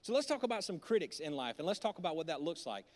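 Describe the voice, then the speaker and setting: Male pastor, high and animated, preaching on a handheld mic in a reverberant church hall. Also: quick pace. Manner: animated preaching, swings from loud to hushed. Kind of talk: sermon. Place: church auditorium. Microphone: handheld microphone.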